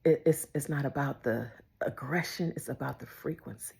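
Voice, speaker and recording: A woman preaching a devotional sermon, emphatic and repetitive, moving between loud declarations and hushed whispers. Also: very deep voice, moderate pace, vocal fry. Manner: repeats phrases for emphasis.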